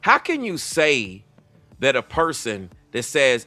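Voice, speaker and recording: A man's voice: mid-range voice, sing-song, moderate pace, bright, forceful tone, no room sound, soft background music. A man giving a reaction commentary, confrontational and lecturing, speaking straight to the person in the clip.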